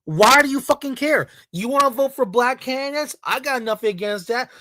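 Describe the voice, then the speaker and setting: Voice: high voice, a little fast, sharp tone, no room sound. A video creator ranting in a heated, profane way, repeating points over and over. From Latino community in the United States. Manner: angry, profane, repetitive rant.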